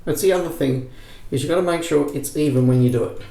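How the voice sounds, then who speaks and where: A man's voice: fairly high pitch, quick pace, vocal fry, mellow, roomy sound, rough recording. A man hosting a casual shaving demonstration, rambling with jokey self-mocking asides. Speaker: shaving video host.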